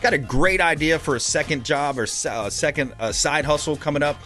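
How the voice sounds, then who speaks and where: A man hosting a radio talk show in a casual, animated and indignant way. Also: fairly high pitch, brisk, faint music behind.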